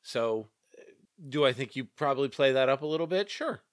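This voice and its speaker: A man with a mid-pitched, animated voice leads a casual podcast chat. He is Southern and teases the others with easy laughter. The sound is close and dry. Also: normal speed, dry recording. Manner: teasing, laughs easily.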